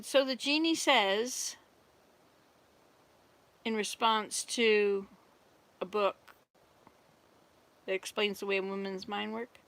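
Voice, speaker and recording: A woman's voice: medium pitch, vocal fry, fairly bright tone. An older woman, a volunteer missionary, chatting on a livestream from an RV, telling jokes and talking to her viewers. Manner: chatty, rambling, tells jokes and talks to viewers. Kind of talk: casual livestream chat. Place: RV at a summer camp.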